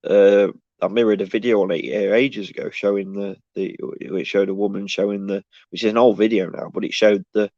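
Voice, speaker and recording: A man's voice: fairly low pitch, steady tone, fairly quick, few pauses, darkish tone, dry recording. Rambling man on a dull lo-fi stream. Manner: rambling, restarts sentences often. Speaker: live streamer answering chat. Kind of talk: casual live-stream monologue. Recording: dull, dry lo-fi sound.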